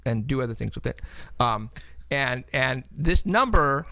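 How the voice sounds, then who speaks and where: A man hosting a paranormal talk show, telling stories in a casual, animated way and acting out the people he quotes. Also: medium pitch, measured pace, gravelly, no room sound. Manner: animated storyteller, acts out phone calls with quoted voices. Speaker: paranormal investigator and show host. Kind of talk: casual chat.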